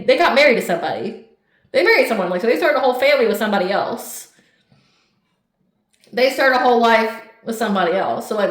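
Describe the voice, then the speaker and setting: A woman giving a casual tarot reading, talking bluntly and emphatically with lots of swearing and "like". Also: mid-range voice. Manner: blunt, profane, emphatic, fillers of "like". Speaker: tarot reader. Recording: roomy echo.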